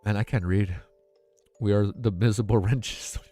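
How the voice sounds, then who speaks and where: A man's voice: lowish voice, fairly even intonation, normal speed, mellow. Male streamer reading a novel live, emotional and slangy, trips over words, faint music underneath. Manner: emotional, stumbling over words, laughing at own misreads; casual, slangy, says man and dude a lot. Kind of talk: live-stream read-aloud with chat.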